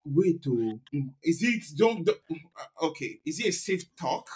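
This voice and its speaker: A man's voice: fairly high pitch, big pitch swings, normal speed, a little mellow, husky. A man co-hosting a podcast in casual chat, easygoing and explanatory, sheepish when he is teased. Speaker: podcast co-host.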